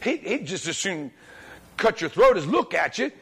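A man preaching a sermon to a congregation in church, telling the story in a lively, colloquial way and acting out the dialogue. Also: high-pitched, moderate pace, breathy edge. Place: church, speaking before a congregation.

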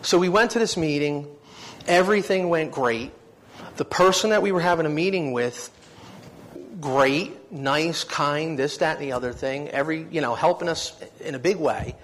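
A man's voice: fairly high pitch, moderate pace, a bit bright, slight background noise. A man preaching a sermon, telling his own story in an earnest, heartfelt way that swells with feeling. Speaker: preacher giving testimony.

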